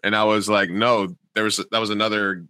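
A man's voice: lowish voice, level tone, fairly quick, bright, forceful tone, smooth, no echo. A man casually telling a long story on a podcast, swearing freely and acting out the people he quotes. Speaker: podcast co-host.

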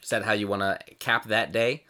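A man's voice: lowish voice, level tone, fairly quick, pushed and bright. A man running a tabletop game as game master, narrating casually with plenty of fillers.

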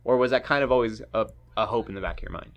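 A man's voice: mid-range voice, racing, muffled recording. A man hosting a casual interview, asking friendly, rambling questions. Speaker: podcast host.

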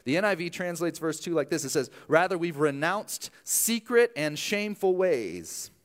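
A man's voice: on the high side, sing-song, moderate pace. A young adult male pastor preaching a sermon in a conversational, self-deprecating way, full of asides.

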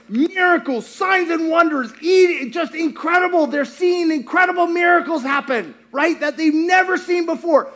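High-voiced, animated male preacher. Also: normal speed, few pauses. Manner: animated, joking, acts out scenes. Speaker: pastor. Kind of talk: sermon.

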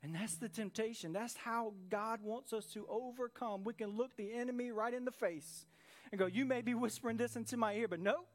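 Earnest high-voiced man preaching. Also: steady tone, fairly quick. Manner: earnest, emphatic preaching with repeated phrases. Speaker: pastor. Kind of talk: sermon. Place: church service in a room.

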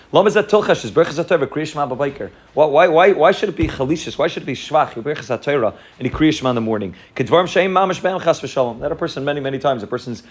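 Rapid-fire man giving a Torah class. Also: medium pitch. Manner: rapid, repetitive, mixes Hebrew and Yiddish terms into English. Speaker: rabbi teaching a class. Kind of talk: fast Torah lecture.

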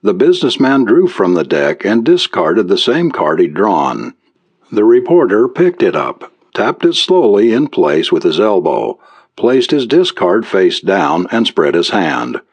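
Deep-voiced man narrating an audiobook. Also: husky. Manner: measured, expressive reading.

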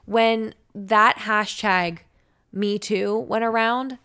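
A young woman chatting on a podcast, spinning a long story and slipping into the voices of the people she quotes. Her pitch sits in an ordinary middle range. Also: fairly even intonation, very slow, a bit bright, clear, resonant tone. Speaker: podcast guest, radio personality. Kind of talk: casual podcast chat.

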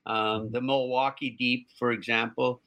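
A man co-hosting an online talk show, explaining at length in a mid-pitched voice. He halts often, restarting phrases and filling gaps with fillers. His delivery is unhurried and conversational. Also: little pitch movement, bright, forceful tone, poor audio. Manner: halting, many restarts and fillers. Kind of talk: casual explanatory chat.

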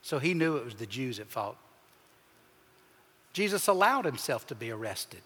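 A man preaching a sermon as pastor, with emphatic swings in pitch and loudness as he acts out the people he quotes. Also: big pitch swings, normal speed, slightly rough. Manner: preaching with emphatic shifts, acting out quoted voices. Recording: long hall reverb.

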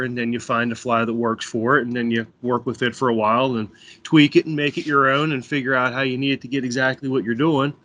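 Casting: American man, guest on a chat podcast, bright forward tone, relaxed rambling delivery. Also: mid-range voice, fast. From Pennsylvania, USA. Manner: easygoing, rambling explanations. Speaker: podcast guest, fly tying guide. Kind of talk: casual interview chat. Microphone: remote call.

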